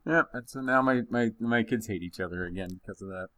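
Low-voiced man telling a funny story. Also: a little fast, no echo. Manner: animated, laughs often. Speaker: podcast co-host. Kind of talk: casual comedic storytelling.

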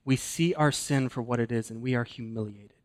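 Man, pastor, mid-pitched voice, earnest sermon delivery, slows and hushes for emphasis.

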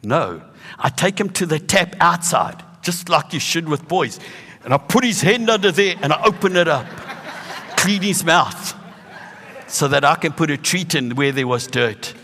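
Lively South African preacher in his sixties. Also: on the high side, unhurried, in a large hall. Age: 60s. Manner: animated, bursts into loud emphatic lines. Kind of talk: sermon.

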